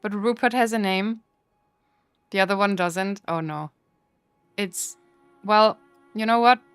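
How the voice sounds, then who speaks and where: A playful woman streamer talks to her chat in a mid-pitched voice, swinging into mock outrage and teasing. The sound is dry and close, with faint music under her voice. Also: measured pace, fairly bright tone, clear, resonant tone, no room sound. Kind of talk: casual chat with live chat.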